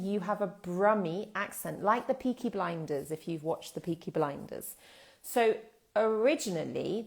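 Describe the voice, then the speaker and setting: Woman, from England, English teacher, live online lesson, slightly low voice, thoughtful and explanatory. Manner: explanatory, thoughtful, with fillers and restarts.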